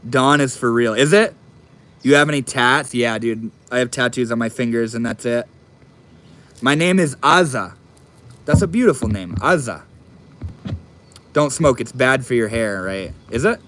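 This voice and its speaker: A young man casually chatting on a live stream, reading and answering chat messages in a relaxed, profane drawl. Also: mid-range voice, moderate pace, long pauses, a little hiss or hum. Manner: laid-back, swears often, drawls.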